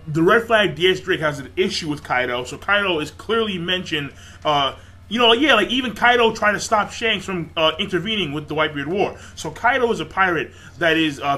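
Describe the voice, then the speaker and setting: A man giving a casual recap and review of an anime episode, excitable and profane, rambling with lots of fillers. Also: fairly high pitch.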